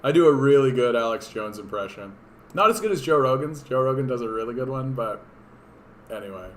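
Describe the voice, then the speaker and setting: Hoarse, sarcastic man streaming. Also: mid-range voice, animated, a little fast, a bit bright, a little hiss or hum. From Canada. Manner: sarcastic, rambling, profane. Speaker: political streamer. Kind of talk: casual livestream commentary.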